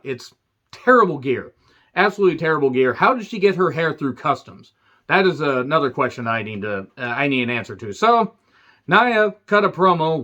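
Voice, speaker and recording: A man's voice: fairly high pitch, a bit bright, lo-fi sound. A man in his thirties reviewing a wrestling show in a sarcastic, profane solo rant.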